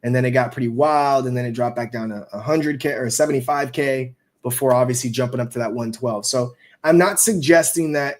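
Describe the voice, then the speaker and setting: A man's voice: medium pitch, brisk, few pauses. A man hosting a live stream, talking about crypto markets in a loose, rambling way, with lots of fillers and swearing. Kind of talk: casual live-stream chat.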